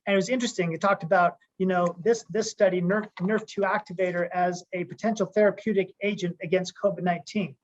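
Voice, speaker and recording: A man's voice: sits high, fairly even intonation, fast, hardly any pauses, a little hiss or hum. A man, a company co-founder, giving an upbeat conference call pep talk, rambling with frequent restarts. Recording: muffled lo-fi call audio.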